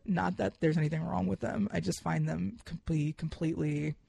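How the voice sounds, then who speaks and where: A young man hosting a podcast in a casual monologue, emphatic and heartfelt, swearing freely and swinging into excited bursts. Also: a little high, normal speed, creaky, noisy background. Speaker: podcast host.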